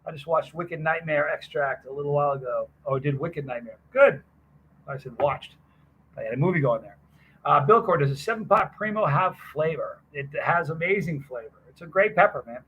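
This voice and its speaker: A man's voice: on the high side, lively intonation, a little fast, slightly rough, highs cut off. A man live streaming casually, rambling and greeting viewers by name from a hot sauce festival booth.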